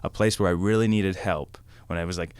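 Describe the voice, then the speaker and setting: Brief: male podcast guest, deep voice, rambling anecdotal storyteller. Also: steady tone, a little fast, darkish tone, clean tone, no room sound. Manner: rambling, lots of fillers and acted quotes. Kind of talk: casual storytelling.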